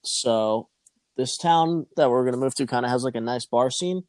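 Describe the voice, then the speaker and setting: A man's voice: medium pitch, normal speed, a little mellow, no echo. A man in his twenties telling a long story in casual chat, rambling and swearing, with frequent restarts.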